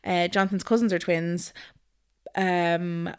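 A woman's voice: fairly low pitch, slow pace, clear, resonant tone. Chatty woman telling her story. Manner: chatty, animated, frequent ums and likes. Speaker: guest. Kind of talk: casual storytelling interview.

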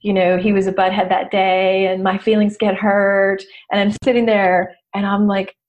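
Candid, animated woman business coach. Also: medium pitch, moderate pace, lo-fi sound. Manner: candid, animated, self-deprecating, laughs often. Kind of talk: casual motivational talk.

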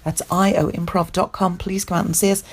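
A woman's voice: on the low side, level tone, a little fast, husky. A woman podcast host reading an upbeat announcement for her upcoming live shows. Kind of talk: read promotional announcement.

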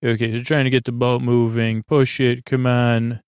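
A man's voice: mid-range voice, level tone, normal speed, a little mellow, clean tone, no echo. A man hosting a podcast, rambling through a casual episode recap with lots of fillers. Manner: rambling, filler-heavy retelling. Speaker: podcast host.

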